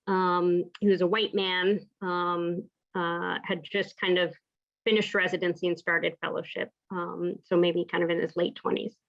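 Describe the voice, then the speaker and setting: A woman physician recounting a clinical case from her work, pausing often with ums and uhs. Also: lowish voice, little pitch movement, gravelly. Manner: halting, many ums and uhs. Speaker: physician educator. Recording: dull lo-fi recording.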